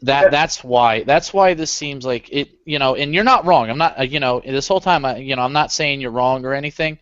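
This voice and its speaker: A man's voice: medium pitch, brisk, fairly bright tone, clear, resonant tone, no echo. Laid-back American man chatting. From United States. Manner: laid-back, agreeable, filler-heavy. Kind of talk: casual chat. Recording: dull, dry voice-chat audio.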